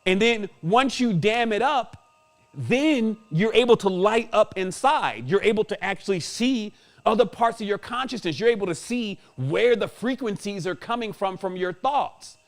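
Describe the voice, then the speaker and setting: Podcast host, male, high voice, slangy and emphatic, easy chuckle. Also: animated, moderate pace. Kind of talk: spiritual podcast monologue.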